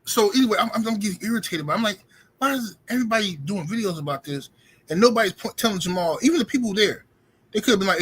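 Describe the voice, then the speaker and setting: A man's voice: sits high, lively intonation, quick pace, fairly bright tone, husky. A man hosting a casual livestream, ranting in loose slang and greeting his viewers by name. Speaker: livestream host. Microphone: streaming setup mic.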